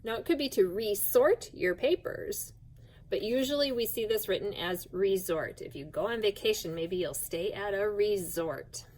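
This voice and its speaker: A woman teaching a phonics lesson to young children, speaking slowly and clearly and spelling out each sound with patience. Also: mid-range voice, a little mellow, poor audio.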